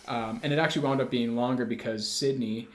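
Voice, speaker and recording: A man who plays the bagpipes, a podcast guest telling a travel story in a lively casual way, full of "like" fillers. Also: mid-range voice, fairly quick. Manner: animated storyteller, frequent "like" fillers. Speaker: bagpipe player. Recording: roomy echo.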